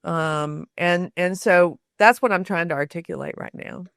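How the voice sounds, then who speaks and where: A woman guest on an interview podcast, answering thoughtfully, pausing on many fillers and restarts. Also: on the low side, vocal fry, fairly bright tone, no room sound, studio quality. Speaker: podcast guest, storytelling author. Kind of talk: conversational interview.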